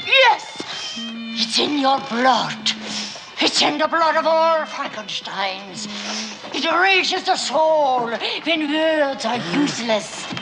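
An actress playing a stern, secretive old German housekeeper in a film, speaking slowly and deliberately with a German accent. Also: female voice, high-pitched, very animated, over music, full character voice, rough recording. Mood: solemn. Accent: German, put on. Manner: slow, deliberate, heavily accented. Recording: film soundtrack with clear noise.

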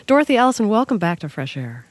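A woman sitting in as a radio interview host, reading a composed introduction and asking measured questions. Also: mid-range voice, big pitch swings, dry recording. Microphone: studio microphone. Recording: dry studio sound.

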